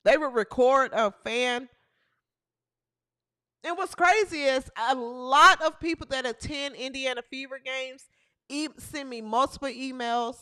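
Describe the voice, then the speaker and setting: A woman's voice: high-pitched, a little slow, bright, forceful tone, no room sound, studio quality. A woman hosting a comedy sports show, ranting sarcastically with mocking repetition. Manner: sarcastic, mocking, repeats lines for effect. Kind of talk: comedic sports commentary rant.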